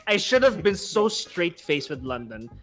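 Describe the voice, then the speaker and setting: A man's voice: high-pitched, big pitch swings, normal speed, a bit bright, soft background music. A man co-hosting a casual gaming podcast, quizzing his co-host and often breaking into laughter. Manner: giggly, keeps breaking into laughter. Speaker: podcast co-host running a trivia quiz.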